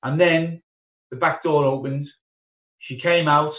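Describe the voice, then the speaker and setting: An older man, a father, tells an animated story in a reflective interview. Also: fairly high pitch, slow pace, reverberant, recorded from a distance. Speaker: interviewee, former footballer and father.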